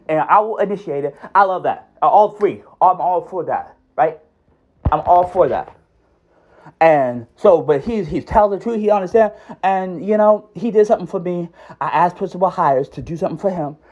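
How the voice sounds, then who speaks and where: Here a former schoolteacher vents angrily over a recorded phone line, wandering from point to point and tossing in "dude" and repeated "right?" questions. He speaks with a high, slightly mellow voice.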